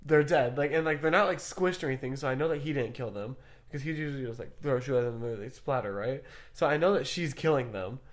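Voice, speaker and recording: Podcast co-host, casual chat, storytelling, profane, mid-pitched voice. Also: quick pace. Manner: storytelling, easily frightened, swears.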